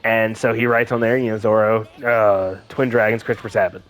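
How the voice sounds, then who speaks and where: A man's voice: fairly low pitch, a little fast. A young man chatting casually as a gaming co-host, telling an anecdote and acting out the quoted voices. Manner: animated storyteller, acting out quotes. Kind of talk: casual chat.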